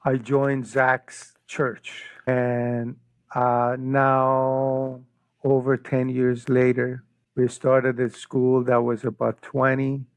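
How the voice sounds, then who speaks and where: A man's voice: medium pitch, completely flat delivery, drawn-out words, no room sound, poor audio. A middle-aged man from Iran, a podcast guest giving an emotional personal faith testimony, often repeating his words as he tells it. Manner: earnest, emotional storytelling with frequent word repeats.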